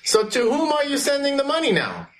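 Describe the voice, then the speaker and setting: Animated high-pitched male teacher. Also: a little fast, slight background noise. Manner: questioning, animated, calls on students by name. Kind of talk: classroom history lesson.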